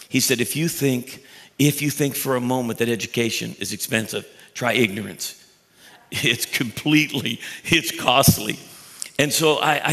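A man preaching a sermon as pastor, animated and repeating words for emphasis. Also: medium pitch. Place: church sanctuary. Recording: long hall reverb.

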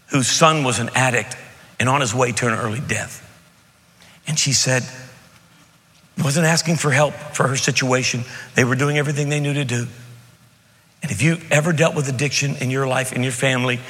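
A man from Pennsylvania preaching a sermon as pastor, emphatic and repeating key lines, dropping at times to a hush. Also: medium pitch. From Beaver County, Pennsylvania. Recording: long hall reverb.

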